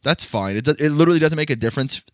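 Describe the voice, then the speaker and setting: A man co-hosting a comedy podcast, telling stories in a dry, deadpan way and acting out quotes. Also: a little high, rapid-fire, no room sound. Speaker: podcast co-host. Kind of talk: casual comedic chat.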